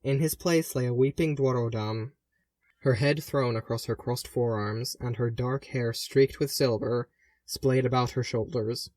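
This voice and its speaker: Man softly narrating a fan audiobook. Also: medium pitch, steady tone, a little slow, no room sound, studio quality. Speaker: audiobook reader.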